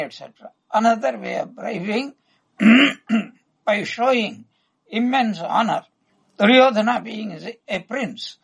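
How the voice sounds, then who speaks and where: A man delivers a spiritual discourse, unhurried and full of retold stories. His voice is gravelly and husky, with a breathy edge. He pauses now and then to clear his throat. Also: high voice, rough recording. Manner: unhurried, retells stories with quoted dialogue, frequent throat clearing. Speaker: spiritual teacher. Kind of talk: devotional discourse with storytelling.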